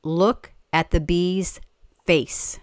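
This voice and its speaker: A woman reading a children's story aloud in an expressive way, stopping to ask the listener questions. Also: on the low side, drawn-out words, no room sound. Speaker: story reader.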